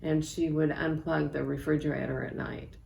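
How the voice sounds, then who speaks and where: A woman in her sixties, an author reading aloud from her memoir in a measured, reflective way. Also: low-pitched, little pitch movement, vocal fry, a little mellow. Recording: echoey room with faint background noise.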